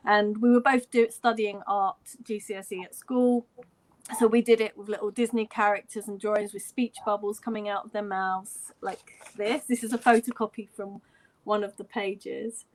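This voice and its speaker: An English woman in her forties, a fan, telling a story in a casual way on a video call, quoting dialogue and laughing often. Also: a little high. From London, England. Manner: animated retelling with quoted dialogue and frequent laughter. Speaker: fan guest sharing a story.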